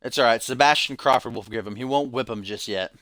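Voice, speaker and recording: A man's voice: mid-range voice, fast talker, a bit bright, no echo, clean studio sound. A man hosting a live stream, giving joking play-by-play of a wrestling video game between chat asides. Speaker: stream host and commentator.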